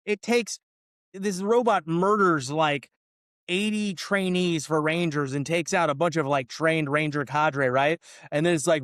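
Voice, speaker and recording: A man's voice: fairly high pitch, a little slow, a bit bright, dry recording, studio quality. A man co-hosting a podcast, ranting in casual chat about a film he found silly, with exasperated asides. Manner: ranting, exasperated, quotes lines in mocking voices. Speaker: podcast co-host. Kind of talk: casual movie review chat.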